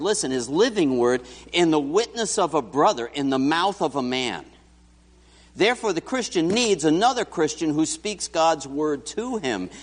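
A man preaching a sermon and often putting questions straight to his congregation. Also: fairly high pitch. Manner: animated, talks directly to the congregation. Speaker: pastor. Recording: church hall reverb.

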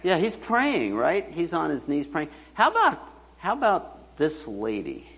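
A man's voice: on the high side, big pitch swings, measured pace, slightly rough. A man preaching a sermon as pastor, chatty and joking, putting questions to the congregation. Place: church hall. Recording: church hall reverb.

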